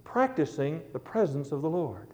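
A man's voice: a little high, very animated, normal speed, a little mellow. A middle-aged man preaching a sermon, telling stories with earnest, rising emphasis. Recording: dull lo-fi recording.

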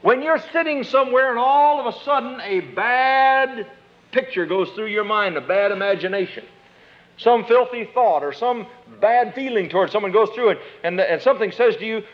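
A man's voice: sits high, animated, moderate pace. A middle-aged man preaching a folksy sermon, quoting scripture and acting out little inner conversations. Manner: folksy, acts out inner dialogues, quotes scripture. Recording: dull lo-fi sermon tape.

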